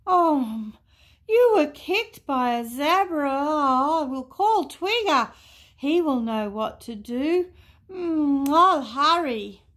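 A woman voicing a bold, boisterous jungle animal who talks loudly and lively. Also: high voice, takes it slowly, voice pushed up, exaggerated voice. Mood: worried. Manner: loud, lively, teasing.

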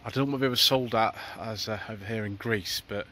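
A man's voice: lowish voice, a little fast, sharp tone. Enthusiastic British man spotting cars outdoors. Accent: British English. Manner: enthusiastic, chatty commentary addressing viewers. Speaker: car channel host. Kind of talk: walking car-spotting vlog. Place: outdoors on town streets. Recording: outdoor street noise.

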